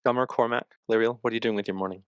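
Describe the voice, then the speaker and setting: A man narrating a tabletop role-playing game as game master, in a dramatic, measured way. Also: medium pitch, fairly even intonation, clean tone, no echo, dull audio.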